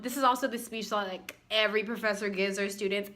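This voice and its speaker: Young woman vlogger with a bright, crisp voice, sarcastic storyteller who mimics people she quotes. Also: a little high, steady tone, a little fast, few pauses. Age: young adult. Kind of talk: casual storytelling vlog.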